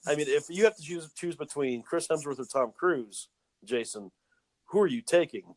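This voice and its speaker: A man's voice: on the high side, animated, normal speed. A man co-hosting a podcast in casual chat, teasing and joking with his partner. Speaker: podcast co-host.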